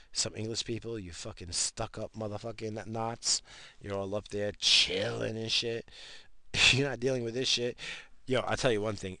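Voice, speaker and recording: A man's voice: on the low side, pushed and bright, no echo. A man hosting a casual talk show, ranting in a crude, rambling way and swearing constantly. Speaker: podcast host. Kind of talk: casual profane rant.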